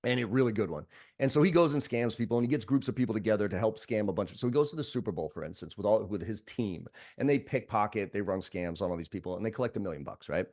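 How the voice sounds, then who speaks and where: A man's voice: on the low side, fast. Blunt, profane man telling sales stories. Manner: blunt, profane, animated storyteller. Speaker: sales trainer, guest. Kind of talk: podcast conversation.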